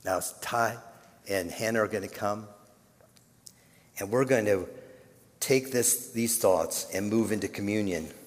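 Guy preaching in a big church, swings quiet to loud, echo trails off in the hall. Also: lowish voice, measured pace, long pauses. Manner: dramatic, swinging from hushed to loud. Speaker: pastor. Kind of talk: sermon storytelling. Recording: long reverb of a large hall.

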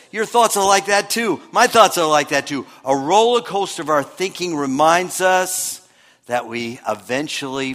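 A man delivering a lively sermon in a fairly high voice. He swings from loud emphasis to hushed asides, and his words ring out with a long reverb in a church hall. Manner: lively preaching, shifts between loud and hushed. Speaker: pastor.

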